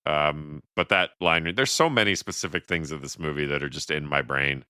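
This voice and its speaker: Low-voiced man rambling about a movie. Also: normal speed, bright, forceful tone, clean tone, dry recording, studio quality. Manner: rambling, quotes movie lines in funny voices. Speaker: podcast co-host. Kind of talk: casual movie chat.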